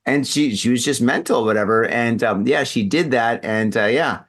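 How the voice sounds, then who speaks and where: A man's voice: mid-range voice, normal speed. A drunk man hosting a casual talk show, telling a wild story and acting out his own yelps. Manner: animated, acts out his own yelps and voices. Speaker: podcast host. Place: home room in Japan.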